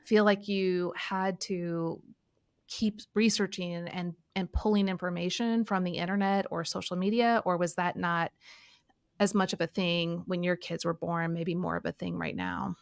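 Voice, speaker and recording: Woman host, interviewer, encouraging, slightly low, dry recording. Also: steady tone, measured pace, clean tone, dry recording. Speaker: podcast host. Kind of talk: interviewing guests.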